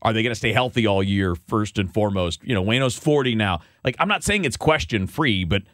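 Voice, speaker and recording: A man's voice: lowish voice, fairly quick, no room sound. Male co-host, casual sports chat, gets worked up and rants, dry close sound. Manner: animated, ranting, many restarts.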